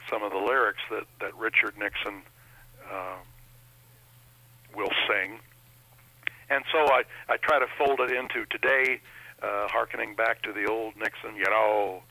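A man's voice: fairly low pitch, pushed and bright, dry recording, low-quality recording. A man being interviewed as an impressionist, telling stories in a chatty, folksy way. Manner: chatty anecdotal storyteller, folksy. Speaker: impressionist guest. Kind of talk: interview chat.

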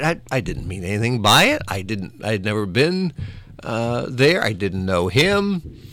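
A former morning radio host telling old stories in a relaxed conversational way, self-deprecating and laughing often, with small restarts. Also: male voice, fairly low pitch, creaky, no echo. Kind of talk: conversational storytelling.

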